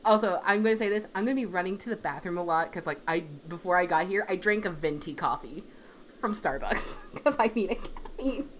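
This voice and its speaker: Woman chatting on a stream, voice kinda strained from yelling, tells stories and swears, faint noise behind her. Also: lowish voice, fairly quick. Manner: chatty storyteller, swears freely, acts out quotes. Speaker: educator and livestream co-host. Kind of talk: casual livestream chat.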